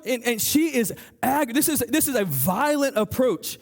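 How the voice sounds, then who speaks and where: A male pastor with a very high-pitched voice preaches at normal speed and rarely pauses in a church sanctuary. Animated and lively, he plays out the voices of the people in his story, frequently stammering and restarting.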